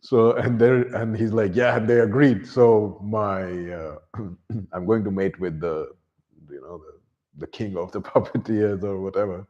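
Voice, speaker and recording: A man casually retelling a science fiction novel's plot for viewers, with animated asides and frequent fillers. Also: fairly low pitch, measured pace, dull audio. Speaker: book reviewer. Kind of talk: casual book summary.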